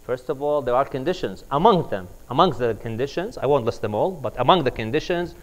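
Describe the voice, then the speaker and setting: A man's voice: mid-range voice, expressive, fairly quick, rough recording. A man, an imam, giving a conversational sermon and telling stories. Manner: conversational, acts out dialogue. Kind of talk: sermon with storytelling.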